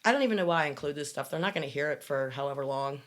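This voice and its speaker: A woman's voice: low voice, expressive, racing. A woman hosting a casual podcast, reading excerpts aloud with wry, sarcastic asides. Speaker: podcast host.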